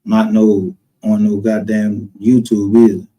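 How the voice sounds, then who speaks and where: His voice lowish and his pace measured, a Texas-accented man tells casual stories laced with profanity and street slang, acting out the lines of others with animation. It's a rough recording.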